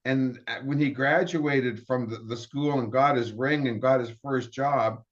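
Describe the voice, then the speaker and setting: A man's voice: mid-range voice, unhurried. A middle-aged man tells his career story in an easy, rambling way. He often stops to restart a sentence and acts out what people said to him. The recording sounds a little dull and lo-fi. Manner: rambling, with restarts and quoted dialogue. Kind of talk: casual storytelling.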